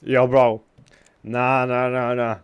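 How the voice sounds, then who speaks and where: A man's voice: mid-range voice, little pitch movement, takes it slowly, clear, resonant tone. A young man streaming games live, chatting casually and trash-talking with lots of swearing. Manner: profane, trash-talking banter.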